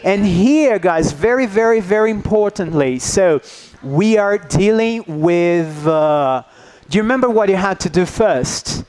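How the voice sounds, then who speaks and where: A man's voice: high-pitched, expressive, measured pace, hardly any pauses, darkish tone. A man leading a teacher workshop, coaxing the audience and checking in with "yeah?" after nearly every point. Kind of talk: interactive workshop talk.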